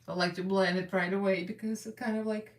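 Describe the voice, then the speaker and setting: A woman's voice: mid-range voice, fairly even intonation, quick pace. A woman hosting a casual live makeup chat, chatty and rambling, laughing often as she works. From Russian American. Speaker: makeup livestream host. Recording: echoey room, voice a little far from the mic.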